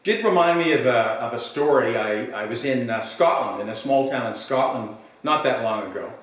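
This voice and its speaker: A comedian telling a long joke in a halting, stop-start way, often repeating his words. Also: mid-range voice, expressive, distant mic. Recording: echoey room, voice from afar.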